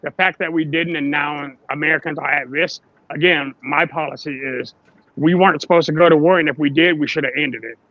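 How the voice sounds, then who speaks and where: A man's voice: a little high, steady tone, brisk, no echo, muffled recording. A man co-hosting a casual live stream, talking bluntly and plainly. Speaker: show co-host.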